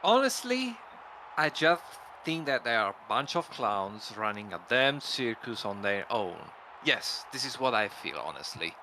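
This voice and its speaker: A man plays a calm wrestler in a homemade voice drama, trying to talk an angry friend down. His mid-pitched voice rises and falls a lot and sounds bright and firm, with faint background hiss. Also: unhurried, rough recording. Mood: dismissive. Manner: soothing, repeats "okay". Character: calm male wrestler ally, level-headed peacemaker. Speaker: wrestler character. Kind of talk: amateur voice drama in a game.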